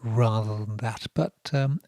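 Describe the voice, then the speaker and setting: A man with a Norfolk accent hosting a radio show, telling odd stories in a relaxed, wry way with many fillers. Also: on the low side, measured pace, no echo, studio quality. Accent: Norfolk English. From England. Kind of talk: relaxed radio talk with dry asides.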